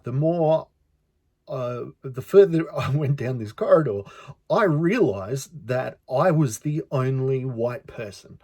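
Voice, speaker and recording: An Australian man telling a personal story on his podcast, earnest and a little halting, often repeating words. His voice sits at an ordinary middle pitch. The sound is dry, with no room echo. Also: warm tone. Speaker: podcast host.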